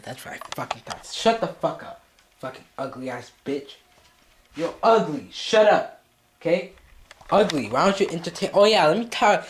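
A man's voice: fairly high pitch, slight background noise. A male vlogger in a comedic scolding skit, swearing heavily and repeating mock threats and taunts.

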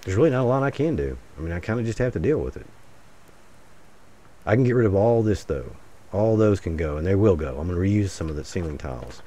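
A man's voice: sits low, lively intonation, quick pace, dark tone. A man giving casual, jokey commentary while playing a survival game, rambling and muttering asides to his viewers. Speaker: gaming channel host. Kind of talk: casual solo gameplay commentary.

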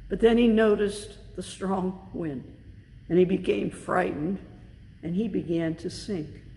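A woman pastor preaching a sermon in a church, measured and deliberate, leaning on key words for emphasis. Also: on the low side, gravelly, warm tone. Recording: long reverb with faint background noise.

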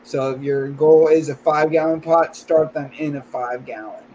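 A man's voice: on the high side, steady tone, moderate pace, a little mellow, a little hiss or hum, poor audio. A man in a casual chat, talkative and self-deprecating, giving growing advice.

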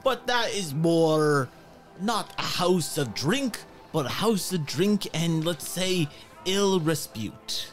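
A man voicing a crude, blind old male pirate with a slow pirate drawl. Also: fairly high pitch, expressive, soft background music. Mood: sly.

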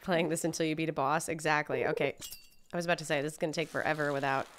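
A young woman chats through a gameplay livestream, bubbly and talkative with her viewers. Her voice is bright and lively. She sounds close to a desk mic at home. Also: deep voice, racing, a little hiss or hum. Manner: chatty, bubbly, talks to viewers. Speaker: streamer.

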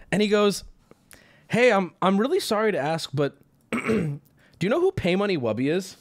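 A male streamer telling a story to his chat in a casual, animated way, laughing, swearing and acting out voices as he goes. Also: sits high, moderate pace.

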